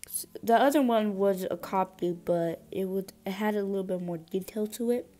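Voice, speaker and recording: A woman's voice: medium pitch, moderate pace, mellow. Chatty woman talking around a braces appliance. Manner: chatty, restarts and corrects herself often. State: talking around something in her mouth from braces. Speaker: gaming video creator. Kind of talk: casual game review vlog.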